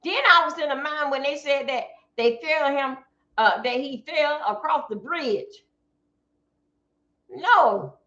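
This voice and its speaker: A woman's voice: sits high, takes it slowly, pushed and bright, highs cut off. A woman from Florida, giving blunt casual commentary to her live-stream chat from home.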